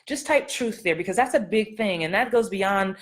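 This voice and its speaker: A woman's voice: mid-range voice, moderate pace. A middle-aged woman acting coach giving casual live-stream advice, playful and sassy, laughing often and acting out line readings.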